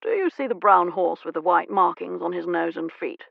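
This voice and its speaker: A woman's voice: lowish voice, animated, moderate pace, vocal fry, no echo, phone-quality sound, heavily acted. A woman narrator voicing a suave, genteel earl with a predatory charm. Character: smooth, predatory aristocratic earl, man.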